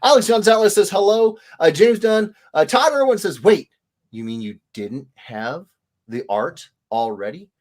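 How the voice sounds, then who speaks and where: A man hosts a relaxed livestream, chatting casually with viewers. His voice leaps up and down all the time, and he greets each commenter in a playful sing-song. He sounds animated and chatty. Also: high voice, unhurried. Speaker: livestream host, illustrator.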